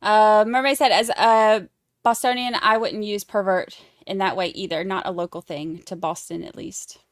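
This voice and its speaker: A woman's voice: mid-range voice, fairly even intonation, moderate pace, no echo, clean studio sound. A woman hosting a casual livestream, chatting with viewers in a snarky, laughing way. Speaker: livestream host. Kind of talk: casual chat with live chat.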